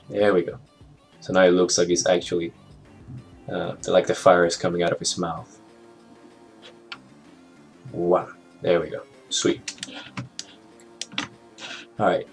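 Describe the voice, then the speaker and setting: A man walking through an animation software tutorial in a casual, think-aloud way, with fillers and small jokes. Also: low-pitched, flat delivery, takes it slowly, pauses often. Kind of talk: screen-recorded software tutorial narration. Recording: clear background music under the voice.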